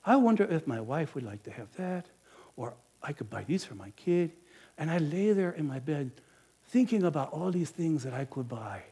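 A man performing a dramatic monologue as a harried, money-minded male innkeeper, talking in a chatty, wheedling salesman's patter that can drop to a hushed confession. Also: fairly high pitch, sing-song, normal speed, husky, heavily acted. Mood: guilt-ridden. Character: harried, penny-pinching male innkeeper of Bethlehem, middle-aged. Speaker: storyteller in character. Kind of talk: first-person dramatic monologue.

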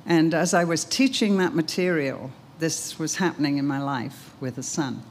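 A woman's voice: low-pitched, moderate pace, a little hiss or hum. An older woman giving an earnest, emphatic sermon, telling a story and reciting a poem. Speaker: speaker, teacher.

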